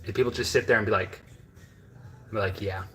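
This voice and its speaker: A fairly low, fairly even male voice moves along fairly quickly with a bright, forceful tone, though the recording quality is low. The speaker is a Midwestern American home cooking vlogger who rambles casually to viewers from his kitchen, full of fillers and asides.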